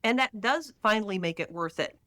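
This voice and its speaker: A middle-aged woman from Texas talks as a podcast guest, animated and storytelling. Her voice sounds bright and smooth, and the recording is dry and close. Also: mid-range voice, brisk, no room sound. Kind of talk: casual conversational interview.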